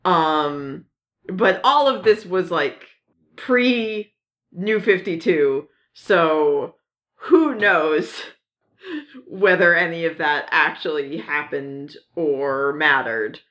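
A woman chatting casually as a podcast co-host, unhurried and meandering, her pitch sitting a little low. She trails off into fillers and restarts and giggles between thoughts. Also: fairly bright tone. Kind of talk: casual chat about comics.

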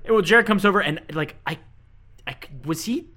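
A man co-hosting a podcast, chiming in on a reality-show recap in loose, hesitant bursts. His voice is a touch high and bright, with a lively, chatty delivery. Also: moderate pace. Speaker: podcast co-host. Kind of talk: casual recap chat.

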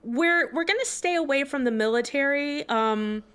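A woman's voice: sits high, expressive, normal speed, a bit bright. A woman playing a restaurant manager in an improvised comedy scene, talking in a chatty, hesitant way full of ums.

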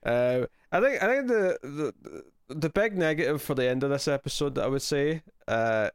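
A man with a Scottish accent co-hosting a casual chat about a TV episode, animated and laughing often, with lots of restarts. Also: fairly high pitch, moderate pace, clear, resonant tone, no echo, studio quality. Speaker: podcast co-host.

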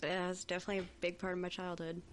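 A woman's voice: on the low side, completely flat delivery, a little hiss or hum. A woman co-hosting a podcast, easygoing and wry in casual chat. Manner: easygoing, wry, quick laughs. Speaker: podcast co-host.

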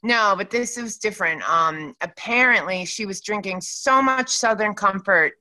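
A woman's voice: mid-range voice, pushed and bright, dry recording, rough recording. A woman co-hosting a casual chat, telling stories and reacting with jokes. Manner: jokey, storytelling, quick reactions.

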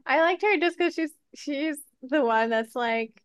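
A woman's voice: sits high, a little slow, no echo. A woman in a casual movie discussion, hesitant and stammering, laughing as she talks. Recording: dull, dry sound.

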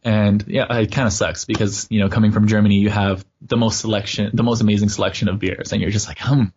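Low voiced guy rambling on a podcast, lots of you knows, muffled lo-fi audio. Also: little pitch movement, quick pace, darkish tone, a little hiss or hum. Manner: rambling, many "you know" fillers. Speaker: podcast host. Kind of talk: casual chat. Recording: dull lo-fi sound.

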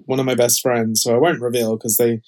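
A man talking casually on a podcast, rambling along with lots of fillers and restarts. His voice sits at an ordinary middle pitch for a man. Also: flat delivery, brisk, a little mellow. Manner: chatty, rambling, frequent fillers. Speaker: podcast co-host. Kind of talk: casual chat.

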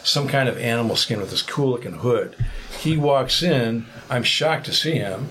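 A man, a podcast guest, telling a travel story in a vivid, animated way. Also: mid-range voice, moderate pace, a little hiss or hum. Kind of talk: storytelling anecdote.

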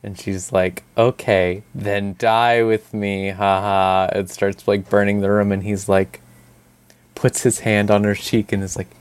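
A man co-hosting a casual podcast chat, telling stories in a rambling, animated way with lots of fillers and swearing. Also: fairly low pitch, a little slow, clean tone. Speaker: podcast co-host.

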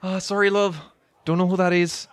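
A man voicing a brisk female tavern barmaid who calls customers dearie and love. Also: high voice, level tone, smooth, dry recording, voice pushed up, lightly acted. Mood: dismissive.

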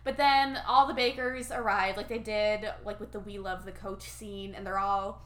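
A woman's voice: medium pitch, normal speed, echoey room. A woman casually recapping a movie with lots of "like" and acted-out quotes. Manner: animated, filler-heavy, acts out quotes. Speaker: podcast co-host recapping a film. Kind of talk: casual chat.

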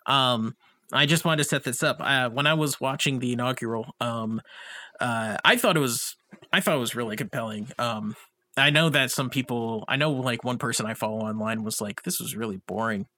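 A man co-hosting a casual discussion, halting with many fillers and restarts. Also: medium pitch, pushed and bright. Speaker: co-host.

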